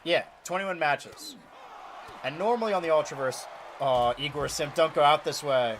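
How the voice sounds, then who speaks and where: Casting: young man, slightly high voice, excitable play-by-play game commentator, out of breath at times. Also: moderate pace, a faint crowd, slight background noise. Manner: animated, shouts and pleads at big moments, mutters while counting. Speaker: streamer commentating a wrestling video game.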